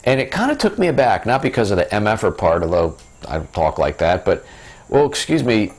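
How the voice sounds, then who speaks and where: A man's voice: deep voice, very animated, fairly quick, husky. A middle-aged man casually telling a rambling story to camera, with many fillers and restarts, as host of a business video series.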